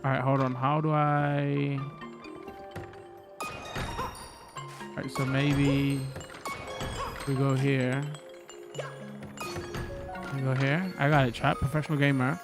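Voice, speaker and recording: Streamer, mid-pitched, chatty and rambling, loud game music underneath. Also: extremely slow, pauses often. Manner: rambling, chatty, self-correcting, jumpy bursts of excitement. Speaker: live streamer. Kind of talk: casual live-stream chat while gaming.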